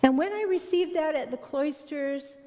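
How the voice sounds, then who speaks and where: Middle-aged woman giving a spiritual talk, storytelling, kinda high voice, big echoey hall. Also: normal speed. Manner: warm storytelling, spiritual, gently emphatic. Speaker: relationship speaker. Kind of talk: inspirational talk to an audience. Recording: long hall reverb.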